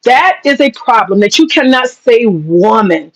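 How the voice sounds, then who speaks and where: A woman vlogger with a fairly high voice and big pitch swings rants unhurriedly about a heated opinion, speaking directly to her viewers. She is profane and emphatic, hammers her points through repetition, and says she is getting upset. The recording quality is low.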